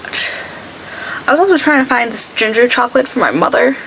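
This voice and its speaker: Doing her makeup, this beauty vlogger tells stories in a relaxed, chatty way and imitates the people she quotes. She speaks briskly in a fairly bright, higher voice with lively intonation and some vocal fry. There's a little hiss or hum on a rough recording.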